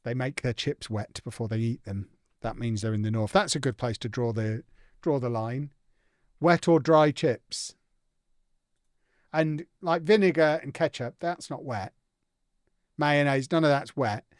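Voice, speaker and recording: A young man hosts a live gaming stream in a relaxed, chatty way. He teases his viewers with playful banter as he reads their messages aloud. His voice sits at an ordinary middle pitch and sounds dry and close, with no room echo. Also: moderate pace. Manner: playful, teasing banter reading out chat. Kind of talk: casual live-stream chat while gaming.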